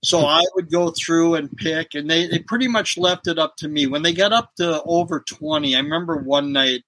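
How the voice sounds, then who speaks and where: Bright-voiced laughing storyteller man. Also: a little high, normal speed, no echo, low-quality recording. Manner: laughs often while telling stories. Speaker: guest, former pro wrestler. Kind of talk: casual storytelling interview.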